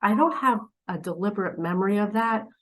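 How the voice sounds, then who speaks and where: A woman giving a spiritual talk straight to the viewer, dramatic and preachy, swinging between loud urging and hushed asides and pressing the listener with pointed questions. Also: medium pitch, fairly quick, poor audio. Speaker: spiritual teacher. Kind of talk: direct-to-camera spiritual talk.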